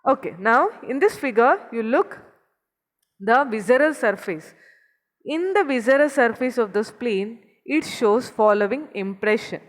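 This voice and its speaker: A woman with a fairly high voice teaches anatomy, walking through a diagram and repeating each key term. Her voice rings out in a long, echoing hall. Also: expressive, measured pace. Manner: explains step by step, points at a figure, repeats key terms. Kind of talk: recorded anatomy lecture.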